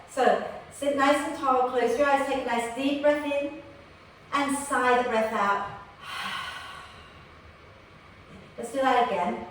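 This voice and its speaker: A woman teaching an online prenatal yoga class, guiding gently and tagging her cues with "okay?". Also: fairly high pitch, heavy reverb, far from the mic, a little hiss or hum, poor audio. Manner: gentle, tags nearly every instruction with "okay?". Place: room recorded for an online class.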